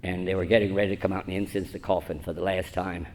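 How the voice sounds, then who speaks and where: A man's voice: deep voice, little pitch movement, quick pace, slight background noise. A man in his seventies giving a rambling, self-mocking personal talk at a church conference, chuckling often. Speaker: conference speaker.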